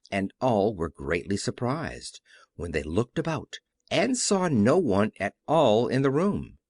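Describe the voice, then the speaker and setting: A man narrating a classic children's story as an audiobook with expressive storytelling. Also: mid-range voice, no room sound, studio quality. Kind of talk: scripted narration.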